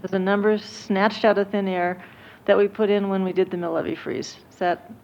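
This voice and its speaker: A woman school board member explaining a point in a public meeting, earnest and measured. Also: mid-range voice, level tone, a little mellow. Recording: dull lo-fi meeting audio.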